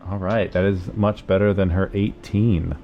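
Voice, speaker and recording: Low-voiced man running a tabletop game. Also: steady tone, normal speed, muffled recording, a crowd in the background. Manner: loose, filler-heavy narration. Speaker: game master.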